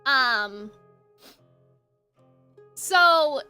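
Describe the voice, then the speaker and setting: A young woman streamer telling a long story in casual chat, rambling and animated with many fillers. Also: sits high, extremely slow, clean tone, no room sound, faint music behind.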